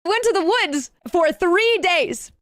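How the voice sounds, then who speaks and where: A woman talking casually on her stream, animated, playful and swearing. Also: very high-pitched, a little slow, no room sound, studio quality. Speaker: VTuber in a played clip.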